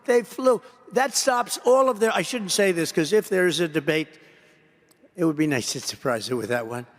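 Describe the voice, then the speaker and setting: A man's voice: on the high side, expressive, moderate pace. A man giving a rally-style political speech to an association, rambling and repeating himself, on a podium microphone in a large convention hall. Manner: rambling, repetitive, digressive. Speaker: political speaker addressing an association. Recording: long reverb of a large hall.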